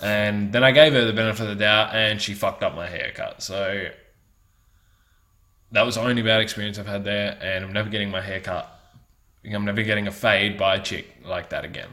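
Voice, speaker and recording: A man's voice: lowish voice, fairly even intonation, fairly quick, bright, forceful tone. A man in his twenties hosting a casual solo podcast, rambling and profane. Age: 20s. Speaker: podcast host.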